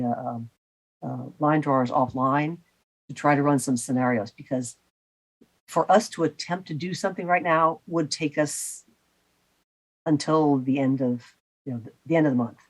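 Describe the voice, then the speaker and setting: A woman chairing a public commission meeting, polite and measured, with frequent fillers. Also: extremely low pitch.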